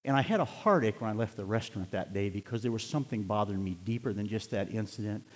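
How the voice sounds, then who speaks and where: A man's voice: lowish voice, quick pace. Older male preacher; heartfelt sermon delivery with big swings in intensity, echoing church hall. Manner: impassioned preaching, rising to near-shouts then dropping to quiet storytelling. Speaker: pastor. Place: church sanctuary. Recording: long hall reverb.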